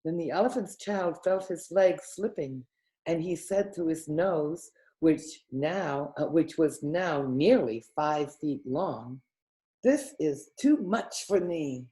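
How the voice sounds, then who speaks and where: Woman reading a kids story, slow and mellow, soft expressive telling. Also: low voice. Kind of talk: reading a story aloud to children.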